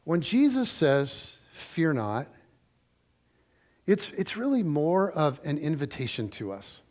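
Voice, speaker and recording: A man preaching to his church with a notably high voice. He tells the story in a chatty, animated way, drawing the congregation in with direct questions. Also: slow pace. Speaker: pastor. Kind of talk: sermon.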